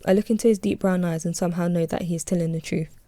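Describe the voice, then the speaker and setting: A woman reading her own novel aloud in a calm, steady first-person audiobook narration. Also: lowish voice, fast talker, no echo.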